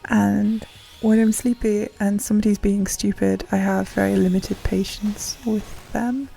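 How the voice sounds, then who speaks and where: A woman's voice: medium pitch, flat delivery, a little slow, gravelly, mellow. A woman in her thirties streaming and chatting casually, sleepy, chatty and self-deprecating, often laughing mid-sentence. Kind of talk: casual chat while gaming. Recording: music playing faintly behind.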